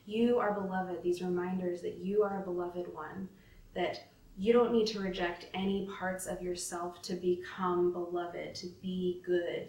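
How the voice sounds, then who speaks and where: Slow, gentle woman leading a devotion. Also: lowish voice. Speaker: devotion leader. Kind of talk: spoken devotion with scripture reading. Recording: roomy, from a distance.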